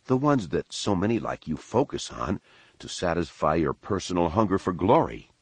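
A man voicing a young Jedi older brother who lectures quietly and sarcastically. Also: deep voice, big pitch swings, moderate pace, breathy edge, no room sound, exaggerated voice. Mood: lecturing.

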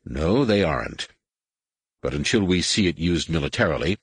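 A man voicing a gruff, curt older general in an audiobook. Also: sits low, expressive, normal speed, dry recording, exaggerated voice.

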